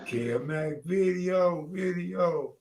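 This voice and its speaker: A man's voice: high voice, drawn-out words, vocal fry, a little mellow. A man hosting a live stream, talking loosely and laid-back with slang. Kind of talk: casual chat.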